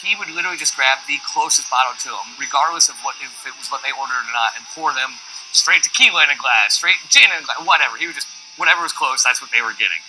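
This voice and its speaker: A man's voice: medium pitch, fast talker, pushed and bright, faint music behind, low-quality recording. A man in a documentary interview, speaking casually and with amusement.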